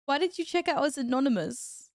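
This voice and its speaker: A woman's voice: sits high, animated, fairly quick, no room sound, studio quality. A woman streamer chatting casually with her viewers while gaming at home, laughing often and reacting aloud.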